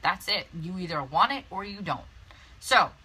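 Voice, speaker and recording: A woman's voice: lowish voice, expressive, normal speed, bright, forceful tone, husky, poor audio. A young woman hosting a casual live video, chatty and laughing often with lots of fillers and restarts. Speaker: network marketing coach hosting a live video. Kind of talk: casual live-stream chat. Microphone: phone or webcam on a live video.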